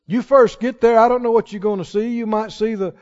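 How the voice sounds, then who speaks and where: A man's voice: high-pitched, steady tone, fairly quick, darkish tone. A male pastor preaching a sermon with emphatic, rising declarations to a church congregation. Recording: dull sound with long hall reverb.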